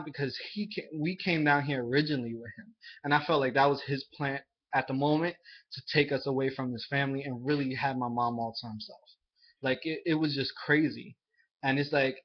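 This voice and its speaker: A young man with a slightly high voice tells a personal story straight to the camera. He speaks haltingly and earnestly, stumbling through fillers and restarts. The recording sounds dull and lo-fi. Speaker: vlogger.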